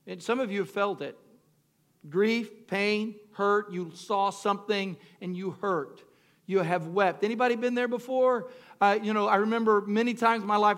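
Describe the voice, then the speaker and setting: Bright high-voiced preaching pastor. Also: male voice. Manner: swings from shouted preaching to quiet storytelling; talks directly to the congregation, asks for responses. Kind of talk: sermon.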